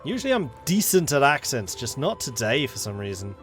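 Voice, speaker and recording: A gaming YouTuber plays a video game while chatting casually, thinking aloud and poking fun at himself. His mid-range male voice is very animated, brisk and fairly bright, over soft background music.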